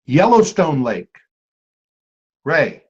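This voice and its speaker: A man hosting a trivia quiz, reading clues aloud and repeating each one slowly. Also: a little high, big pitch swings, slightly rough. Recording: dull lo-fi amateur recording.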